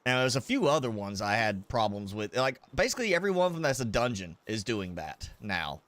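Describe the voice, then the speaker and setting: A male gaming streamer speaks fairly quickly in a fairly low voice with big pitch swings and a slightly bright edge, on a dry recording. Between coughs and bites of spicy food, he rambles through casual live-stream chat.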